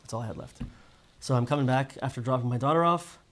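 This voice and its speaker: A man of middle pitch leads a relaxed Torah class like a storyteller. He restarts his sentences and tags them with "right?", speaking at an everyday, quick pace.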